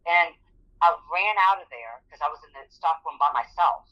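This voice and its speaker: A woman's voice: deep voice, animated, moderate pace. Woman telling her testimony, lo-fi. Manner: earnest, vivid storytelling that acts out quoted speech. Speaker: interview guest. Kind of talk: personal testimony in an interview.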